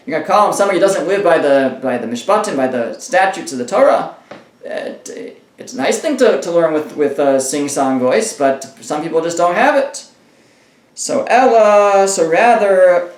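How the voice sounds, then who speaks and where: A man's voice: fairly high pitch, reverberant. A man teaching a daily Talmud page. He reads each phrase aloud, then translates and explains it, often restarting his sentences.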